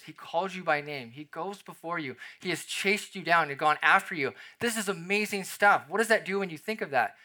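A man preaching a sermon as pastor, animated and conversational, acting out little scenes in quoted voices. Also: on the high side.

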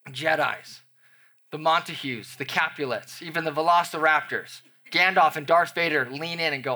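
A man's voice: a little high, bright, forceful tone. A man, the pastor, preaching a sermon to his congregation with playful, conversational asides.

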